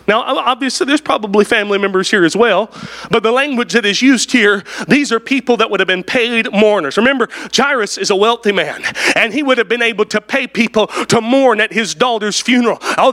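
Male preacher, bright and ringing, impassioned sermon delivery with shouted peaks. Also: high-pitched. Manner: impassioned, rising to shouts for emphasis; starts many phrases with "Oh". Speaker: pastor.

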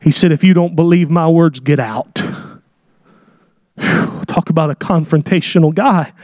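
Preaching fast and with drama, a man with a high, steady-toned voice plays the characters in his story and climbs to shouted peaks. The recording is close and dry, with no echo or room sound.

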